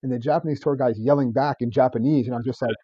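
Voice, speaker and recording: A man's voice: mid-range voice, fairly even intonation, rapid-fire, slightly rough, no echo, lo-fi sound. A man co-hosting a podcast, telling stories in rambling casual chat with many restarts and laughs. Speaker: podcast co-host.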